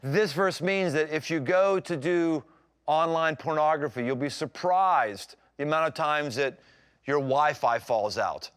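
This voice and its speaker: Male pastor, sermon, animated, emphatic, conversational, slightly high voice. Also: measured pace, clean tone. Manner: animated, acts out scripture scenes with voices.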